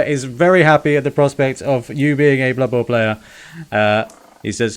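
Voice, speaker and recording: A man narrating a tabletop role-playing game as game master, casual and brisk with fillers. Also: medium pitch, clean tone.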